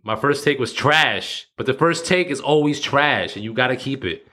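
A man's voice: medium pitch, expressive, moderate pace, pushed and bright. A man around thirty hosting his own podcast, talking casually and rambling, swearing freely and poking fun at himself. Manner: rambling, profane, self-mocking, laughs at himself. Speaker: podcast host. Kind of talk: casual solo podcast monologue.

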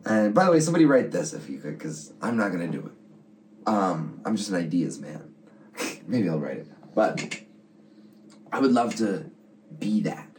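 A young man chatting casually on a podcast, rambling and halting, often laughing. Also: sits low, big pitch swings, a little mellow, recorded from a distance, slight background noise. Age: young adult. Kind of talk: casual chat.

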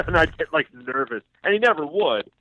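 A man calling in as a guest, telling relaxed, rambling stories with a few laughs. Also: a little high, normal speed, a little hiss or hum. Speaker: phone-in guest. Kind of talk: casual chat, storytelling. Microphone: phone. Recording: tinny phone line.

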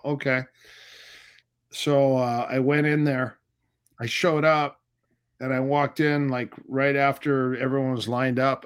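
A middle-aged man speaks as a guest, casually retelling old stories. He slips into the voices of the people he quotes, and his voice sits at an ordinary middle pitch. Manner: animated storyteller acting out quoted dialogue. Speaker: martial arts instructor, guest. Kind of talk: casual storytelling interview.

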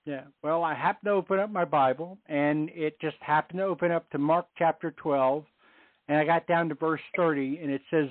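A man's voice: fairly high pitch, moderate pace, no echo. A middle-aged man on a Catholic radio show, sharing his story and teaching on faith in an earnest way, repeating phrases for emphasis. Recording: tinny phone line.

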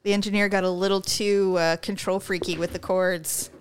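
A woman hosting a podcast in casual chat, ranting in a sarcastic, animated way from a studio mic. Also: medium pitch, normal speed, background noise. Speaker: podcast host.

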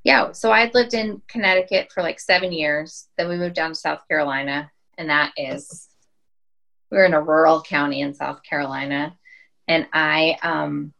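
A woman's voice: deep voice, steady tone, moderate pace, vocal fry, a bit bright, dull audio. A woman in her thirties from Wyoming, telling stories in a casual podcast chat with lots of "like" and "um.". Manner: chatty storyteller, many "like" and "um" fillers. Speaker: podcast guest.

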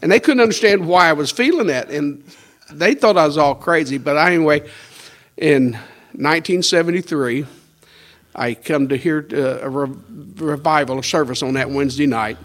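An older man in his sixties, a pastor, tells his conversion story in a homespun way. His voice sits a little high for a man. He chuckles often and plays out the lines of the people in his story. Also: normal speed, a bit bright. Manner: storytelling with quoted dialogue and chuckles. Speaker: pastor sharing his testimony. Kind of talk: conversational personal testimony.

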